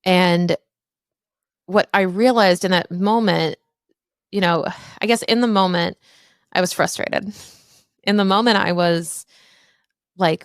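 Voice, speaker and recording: A woman's voice: mid-range voice, moderate pace, pauses often, smooth, no echo, clean studio sound. Candid woman host telling a personal story. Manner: candid, emphatic, swears casually. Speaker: podcast host.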